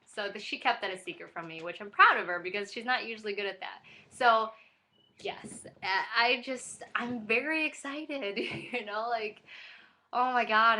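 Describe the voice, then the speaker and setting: A woman's voice: medium pitch, sharp tone. A young woman vlogging casually to camera, gushing and giddy with lots of fillers.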